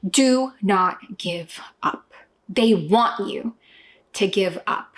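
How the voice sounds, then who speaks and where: A woman in her thirties talking straight to the viewer as a homeschooling parent, emphatic and often checking in with "okay?". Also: medium pitch. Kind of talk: direct-to-camera talk.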